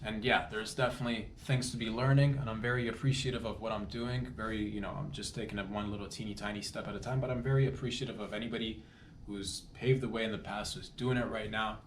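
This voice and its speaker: Podcast host, man, low-pitched, earnest and rambling, casual; recorded in a roomy space with a faint hiss. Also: fairly even intonation, fast. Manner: rambling, earnest, self-interrupting. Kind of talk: casual heartfelt monologue. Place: Toronto. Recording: echoey room with faint background noise.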